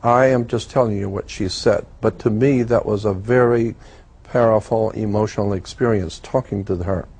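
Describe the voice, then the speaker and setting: A man's voice: fairly low pitch, fairly even intonation, moderate pace, darkish tone. A man, a guest on a talk program, earnestly recounting a personal story and repeating key points for emphasis. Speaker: guest telling his story.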